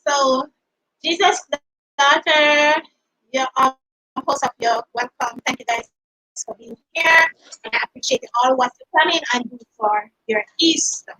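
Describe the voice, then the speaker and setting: A Jamaican woman hosts a livestream. She has a high voice with a bright, sharp edge. She speaks in a welcoming way and thanks her viewers. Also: unhurried, rough recording. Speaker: livestream host. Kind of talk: casual chat.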